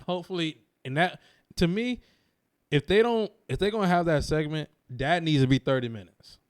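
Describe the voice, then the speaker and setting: A young man co-hosting a wrestling podcast in casual, animated chat, swearing and laughing often. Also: on the high side, moderate pace. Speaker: podcast co-host.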